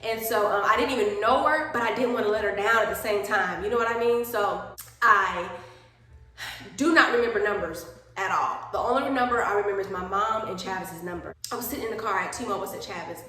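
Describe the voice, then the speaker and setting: Young woman, chatty vlogger, animated storyteller; recorded on a phone in a very echoey room. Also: mid-range voice, brisk. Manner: animated, acts out quoted people. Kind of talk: chatty storytime while doing skincare.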